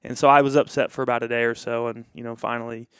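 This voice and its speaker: Pastor, man, smooth voice, dry recording; casual storyteller who plays out the dialogue. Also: medium pitch, fast, dry recording. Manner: animated, acts out quoted dialogue.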